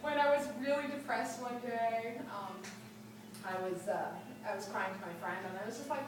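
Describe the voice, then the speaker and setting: A woman's voice: medium pitch, fairly quick, noisy background. A woman telling a personal anecdote, laughing often through her own story. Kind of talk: personal anecdote told to an audience. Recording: very echoey room, voice from far off the mic.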